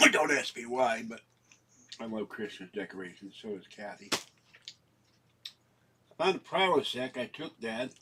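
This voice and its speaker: An older man with a cough chats casually at home, rambling through his shopping haul with fillers and frequent coughing fits. His medium-pitched voice is very animated, at a measured pace with long pauses, over a noisy background.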